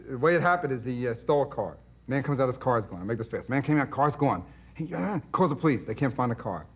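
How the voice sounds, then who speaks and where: A man's voice: medium pitch, big pitch swings, fast talker, breathy edge, muffled recording. A man telling jokes and stories on a television talk show, punchy, acting out the voices. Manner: punchy joke-telling with acted quotes. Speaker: stand-up comedian. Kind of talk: stand-up and talk show banter. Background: studio audience.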